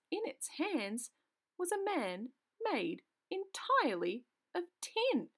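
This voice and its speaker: A woman narrating a children's book aloud in an expressive storytelling manner, with occasional stumbles. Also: high voice, gravelly.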